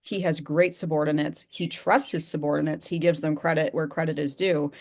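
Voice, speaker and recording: A woman talking casually on a video call, explaining her views in a thoughtful, measured way. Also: deep voice, steady tone, gravelly, darkish tone.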